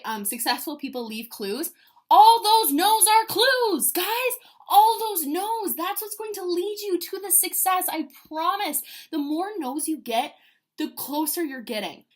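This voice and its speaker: A woman with a high, bright-sounding voice gives a motivational pep talk to her direct sales team. She is emphatic and energetic, leaning hard on key words. She swings from loud bursts down to hushed asides. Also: normal speed.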